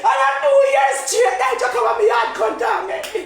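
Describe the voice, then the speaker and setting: A woman with a Jamaican accent, a mother in a heated rant, shouting and repeating herself, laughing while she scolds. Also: very high voice, sing-song, normal speed. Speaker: mother speaking out in a dispute. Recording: echoey room with faint noise.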